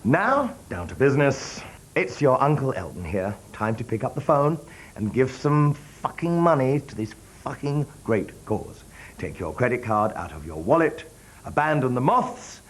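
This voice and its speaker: Guy playing a sweary pop star diva, big camp tantrums, lively voice, fuzzy old tv tape. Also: mid-range voice, measured pace. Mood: camp, smug. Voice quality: foul-mouthed, theatrical tantrums. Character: temperamental pop star in a spoof documentary. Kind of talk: sketch comedy. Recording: noisy old TV broadcast tape.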